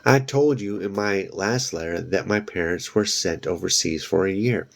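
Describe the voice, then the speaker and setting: A man's voice: low-pitched, normal speed, creaky. A man reading aloud and voicing a fearless, teasing young girl from a storybook, raising his voice into a pushy, upbeat tone.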